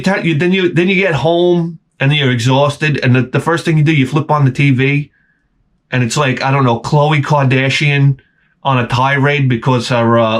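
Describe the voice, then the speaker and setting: A man in his forties hosting his channel, ranting and grumbling with plenty of swearing as he jumps between complaints. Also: mid-range voice. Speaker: channel host. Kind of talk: profane comedic rant.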